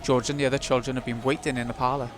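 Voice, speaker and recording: A man's voice: medium pitch, level tone, very fast. Man narrating a visual novel over music. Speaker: let's play narrator. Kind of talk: reading a visual novel aloud.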